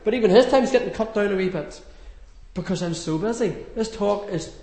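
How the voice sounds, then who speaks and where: A man's voice: sits high, brisk, darkish tone, reverberant. A man giving a sermon in a chatty, homely storytelling manner with light humour. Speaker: preacher.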